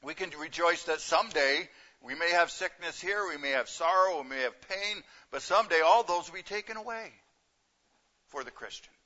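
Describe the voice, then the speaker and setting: A man's voice: high-pitched, normal speed, pushed and bright, dull audio. A man preaching a sermon as a pastor, in a conversational way that repeats key phrases.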